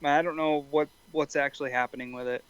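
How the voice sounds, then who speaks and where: Man with a smooth, clear voice. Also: on the high side, fairly even intonation, fairly quick, highs cut off. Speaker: podcast co-host. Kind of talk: casual chat about horror films.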